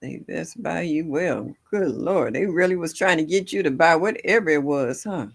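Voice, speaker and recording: Older lady hosting a garden livestream, folksy and chatty, raspy edge, laughs a lot. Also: deep voice, expressive, moderate pace. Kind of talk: casual chat with live viewers. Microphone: livestream setup.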